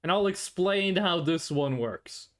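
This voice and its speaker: A streamer in a casual live-stream chat, rambling and excitable and often repeating words. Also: mid-range voice, measured pace.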